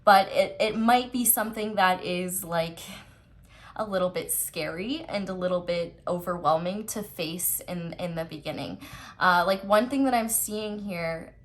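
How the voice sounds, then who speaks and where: A woman's voice: fairly low pitch, a little slow. Chatty young woman reading tarot. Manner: chatty, giggly, rambling asides. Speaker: tarot reader. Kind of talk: casual tarot card reading.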